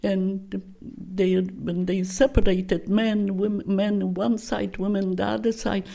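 An older woman speaks slowly in a gravelly, mellow voice. She answers in an oral history interview, haltingly, often breaking off and restarting her sentences as she looks for the right word. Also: mid-range voice, flat delivery. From Poland. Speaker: guest recounting her life.

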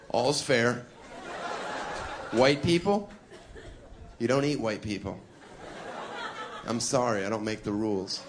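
Male stand-up comic, provocative deadpan asides. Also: medium pitch, slow, long pauses, a crowd in the background, background noise. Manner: deadpan asides, provocative, chuckles at own jokes. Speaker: stand-up comedian. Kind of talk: stand-up comedy routine.

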